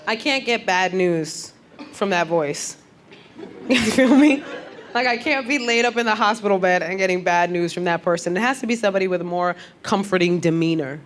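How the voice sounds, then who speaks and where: A woman performs stand-up comedy on a club stage, her delivery animated and acted out. She swings her voice up high whenever she quotes somebody. A clear layer of room noise sits under her. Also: normal speed. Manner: animated, acts out quoted voices with big pitch jumps.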